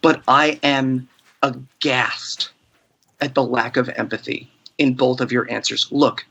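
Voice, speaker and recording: A man's voice: mid-range voice, fairly even intonation, slow pace, vocal fry, bright, forceful tone, slightly rough, highs cut off. A man hosting a podcast, speaking in an impassioned, emotional and indignant way during a heated debate. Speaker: podcast host.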